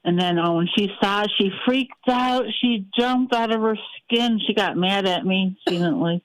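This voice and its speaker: A woman calling in to a radio show and telling a quick, rambling story. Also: mid-range voice, rough recording. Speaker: caller. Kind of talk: phone-in anecdote.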